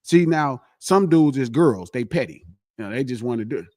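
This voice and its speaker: A man's voice: medium pitch, animated, moderate pace, darkish tone, no room sound. A man guest on a podcast, chatting casually and boastfully, repeating himself for emphasis. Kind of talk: casual chat.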